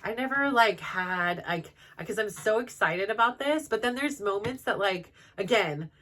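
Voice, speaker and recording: A middle-aged woman talks straight to her audience as a mom vlogger, voice sitting at an ordinary middle pitch. She rambles from story to story, stuffing her talk with fillers and acting out what everyone said. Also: expressive, normal speed, a bit bright. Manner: chatty and rambling, full of "like" and quoted dialogue. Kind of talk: casual chat.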